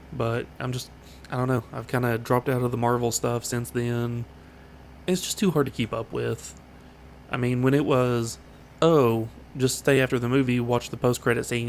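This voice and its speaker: A young man with a gravelly, creaky voice riffs through wry, self-deprecating opinions in a loose, rambling way. His pitch stays flat and even as he talks, with a faint ambient hiss underneath. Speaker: gaming channel host. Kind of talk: casual rambling commentary over gameplay.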